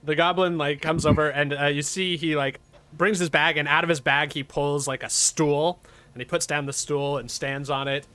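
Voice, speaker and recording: A man narrating a tabletop game as dungeon master in an animated, chatty way. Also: on the high side, moderate pace, smooth.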